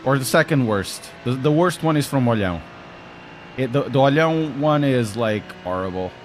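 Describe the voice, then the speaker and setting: A man's voice: medium pitch, expressive, normal speed, slight background noise. A young man with a Portuguese accent from Portugal, chatting casually to his stream chat while sim racing, wry and talkative.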